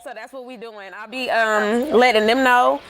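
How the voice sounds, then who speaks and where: A woman's voice: a little high, fairly even intonation, normal speed, fairly bright tone, faint music behind. A woman calling into a livestream who speaks with affection, informally and encouragingly. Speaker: livestream caller. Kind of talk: casual heartfelt talk.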